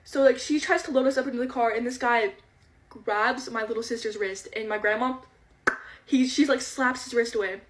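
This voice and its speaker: High-voiced teen girl, chatty storytime. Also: moderate pace. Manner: chatty, animated retelling full of quoted dialogue. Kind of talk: casual storytime.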